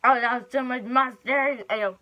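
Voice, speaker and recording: A young woman vlogs a mukbang, chatting, giggling, and talking while she chews her food on camera. Her voice is fairly high with a steady tone at normal speed, and the sound is lo-fi.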